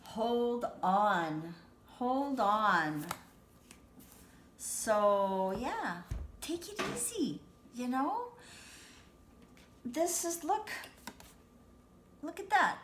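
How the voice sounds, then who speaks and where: A woman's voice: a little high, fairly bright tone, a little hiss or hum. A woman giving a casual, reassuring tarot reading to her viewers at home, talking in a chatty way full of "you know" and "you guys". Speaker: tarot reader. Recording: echoey room.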